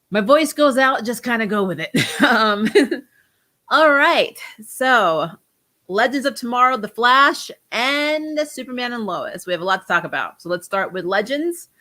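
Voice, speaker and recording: A woman's voice: mid-range voice, lively intonation, measured pace, pushed and bright. A young woman hosting a casual TV review chat, stuffed up from a cold and talking in a chatty, rambling way with ums and restarts. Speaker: host of a TV review channel.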